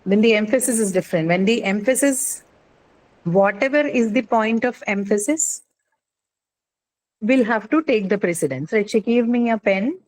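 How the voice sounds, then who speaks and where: A woman's voice: mid-range voice, expressive, moderate pace, darkish tone, rough recording. A woman teaching an English grammar class, explaining patiently and often asking "right?" to check understanding.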